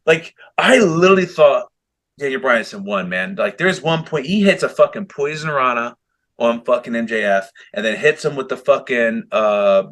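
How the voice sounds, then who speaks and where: A man's voice: mid-range voice, moderate pace. A man co-hosting a wrestling podcast, talking animatedly and swearing a lot as he recaps a match. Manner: animated, heavy swearing, acts out quotes. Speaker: podcast co-host. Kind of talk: casual wrestling chat.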